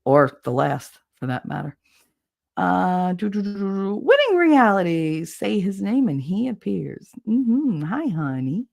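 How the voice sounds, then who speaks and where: A woman's voice: medium pitch, big pitch swings, measured pace, gravelly, darkish tone. A woman in her forties hosting a livestream, telling crude stories candidly and laughing often. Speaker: livestream host. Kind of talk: casual chat with viewers.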